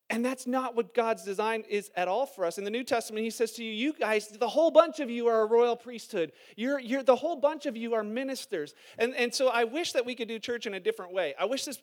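A man with a strikingly high voice preaches to his congregation in church. He talks in a lively, conversational way, asking the room questions and telling humorous family stories. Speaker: pastor. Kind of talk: sermon. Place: church hall before a congregation.

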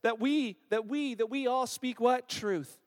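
A man in his thirties preaching a sermon as a pastor, telling stories with animated acted-out quotes. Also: very high voice, measured pace. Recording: long hall reverb.

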